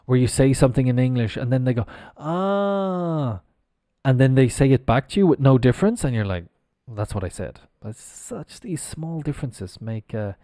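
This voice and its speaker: A middle-aged Irish man leads a live English pronunciation class. His voice is mellow and sits at a middle pitch, heard close and dry with no room around it. He explains patiently, drawing sounds out and spelling words letter by letter. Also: brisk, hardly any pauses, no room sound. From Ireland. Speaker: English teacher. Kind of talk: live-stream pronunciation lesson.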